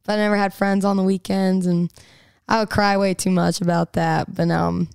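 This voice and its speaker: Bubbly young woman with a smooth voice. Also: medium pitch, level tone, normal speed, a little mellow, no echo. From Texas. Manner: bubbly, chatty, laughs often, rambling restarts. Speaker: singer-songwriter guest. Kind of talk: casual radio interview chat.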